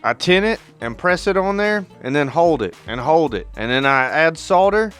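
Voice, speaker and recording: High-voiced man narrating a DIY build. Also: sing-song, moderate pace, a bit bright, smooth, soft background music. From northern Alabama, US. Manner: plainspoken, matter-of-fact explaining. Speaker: DIY guitar electronics builder.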